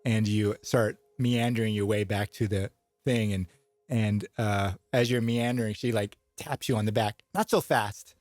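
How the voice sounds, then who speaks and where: A man's voice: on the low side, level tone, moderate pace, darkish tone, no room sound. A man running a tabletop game as game master, narrating in a loose, rambling way and laughing often.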